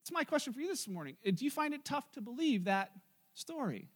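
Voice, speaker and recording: A man's voice: extremely high pitch, very animated, fast. A man preaching a sermon in church, retelling a Bible story in a casual, joking way to his congregation. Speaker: pastor.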